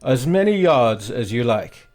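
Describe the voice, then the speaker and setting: A big, haughty army captain, played by a male narrator speaks with pompous, sneering sarcasm. A soft musical bed runs underneath. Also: mid-range voice, very animated, a little slow, faint music behind.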